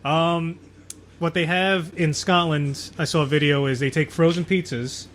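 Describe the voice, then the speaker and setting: A man chatting casually as co-host of a talk show, easygoing and quick to laugh. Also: a little high, fairly even intonation, fairly bright tone. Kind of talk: casual chat.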